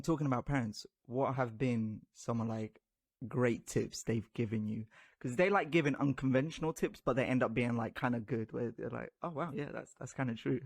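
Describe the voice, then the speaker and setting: A man's voice: medium pitch, no echo. A man hosting a casual podcast chat, talking in a friendly, rambling way with many restarts. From Albanian family, UK-based. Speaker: podcast host.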